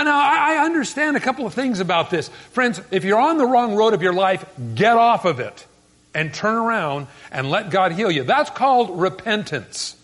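Male pastor, folksy sermon delivery, high voice, very animated pitch. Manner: folksy, conversational preaching with asides and small jokes; animated, swings between quiet and emphatic.

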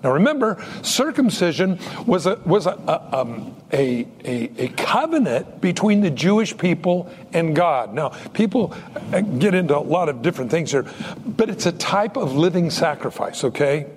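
A man's voice: on the high side, sing-song, moderate pace, big-room sound, slight background noise. A man preaching a sermon as a pastor, telling a story and acting out the dialogue. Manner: storytelling, acts out quoted dialogue.

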